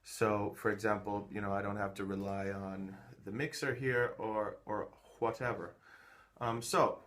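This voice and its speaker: A man's voice: fairly low pitch, fairly even intonation, measured pace, a bit bright. A man giving a casual how-to walkthrough of his own workflow, thinking aloud with many fillers and restarts, recorded on a phone. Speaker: music producer showing his workflow.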